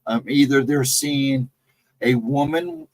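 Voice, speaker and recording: A man's voice: medium pitch, slow, low-quality recording. A man casually telling a ghost story from a camping trip, rambling loosely and repeating himself as he goes. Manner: rambling, loose, repeats "I mean" and "you know". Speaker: guest storyteller on a live stream.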